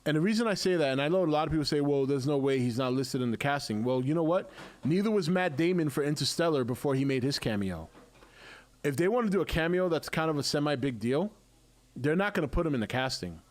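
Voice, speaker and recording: A man's voice: fairly high pitch, animated, fast talker. A middle-aged man hosting a casual live stream, chatty and laughing often, with many restarts.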